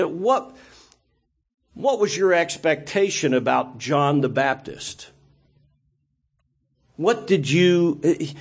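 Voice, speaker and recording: A man's voice: a little high, breathy edge. A man preaching a sermon in a conversational style, full of rhetorical questions.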